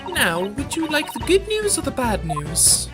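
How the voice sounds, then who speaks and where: A woman's voice: high-pitched, wildly swooping pitch, a little slow, voice pushed up, heavily acted. A woman voicing a sweet, cheerful young girl from a video game in a sing-song way, with game music behind.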